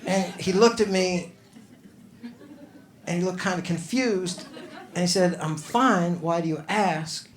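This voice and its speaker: A male stand-up comedian on a comedy club stage, talking conversationally and building to loud exasperated outbursts. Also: sits high, unhurried, long pauses. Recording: echoey club room with noisy ambience. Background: audience laughter.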